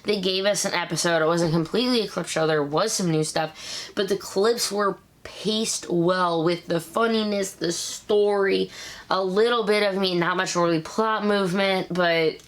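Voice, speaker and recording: A woman in her thirties hosting a casual episode review, chatty and animated, with quick asides. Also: lowish voice. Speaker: show review host.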